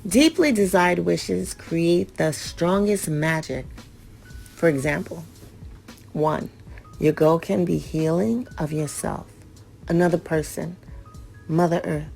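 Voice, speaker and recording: Woman, radio host, low voice, gravelly fry, reads instructions, blunt profane asides. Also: mellow. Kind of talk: reading ritual steps with casual asides.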